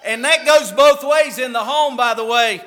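A man preaching a sermon as a pastor, telling a story and swinging between soft asides and emphatic points. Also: extremely high pitch, normal speed. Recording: echoey hall from far off.

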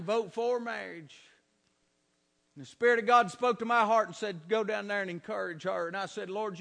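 A man preaching a sermon as pastor, telling folksy stories and rising to fervent shouts. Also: very high voice, vocal fry, big-room sound. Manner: folksy storytelling.

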